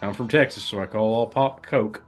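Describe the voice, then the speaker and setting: A man's voice: fairly low pitch, normal speed, faint music behind. A man co-hosting a whiskey tasting, joking sardonically and swearing freely. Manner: sardonic, profane, jokey. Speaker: co-host of a whiskey review show. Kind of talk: casual tasting chat.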